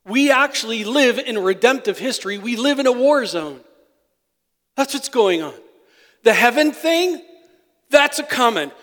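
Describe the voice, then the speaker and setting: A male pastor preaching a sermon. He moves between quiet, confiding asides and loud, emphatic declarations. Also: extremely high pitch, expressive, a little slow, long pauses. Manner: impassioned, swings from soft asides to loud declarations. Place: church sanctuary. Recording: long hall reverb.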